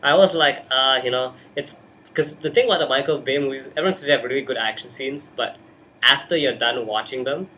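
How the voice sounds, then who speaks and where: A man's voice: medium pitch, fairly quick, pushed and bright. Young man, hyper, jokey, casual movie chat, bedroom webcam, slight hiss. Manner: hyper, jokey, breaks into silly put-on voices. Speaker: host.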